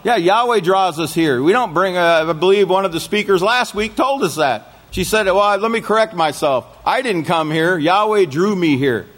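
A man's voice: sits high, lively intonation, normal speed, few pauses, fairly bright tone. A man giving a sermon to a congregation, reading scripture aloud and often checking in with his listeners through questions. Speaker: congregation teacher.

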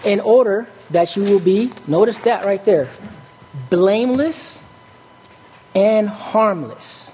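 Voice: mid-range voice, animated, slow pace, a little mellow, a little hiss or hum. Preacher who keeps asking "okay?". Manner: stops often to ask "okay?", corrects slips aloud. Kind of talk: sermon.

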